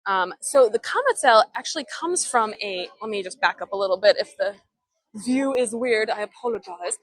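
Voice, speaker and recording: A woman's voice: mid-range voice, animated, moderate pace, no echo, rough recording. A young woman giving a live walking tour outdoors, speaking in an enthusiastic, chatty way into a handheld phone. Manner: chatty, enthusiastic, reads viewer comments. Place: outdoors in an old town street.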